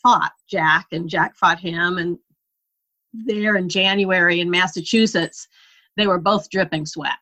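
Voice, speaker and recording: A woman recounting her early riding days as an interview guest. She tells the story in an animated, unhurried way, her voice rising and falling with the tale. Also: on the low side. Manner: animated storyteller, laughs while recalling. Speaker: interview guest, horse rider.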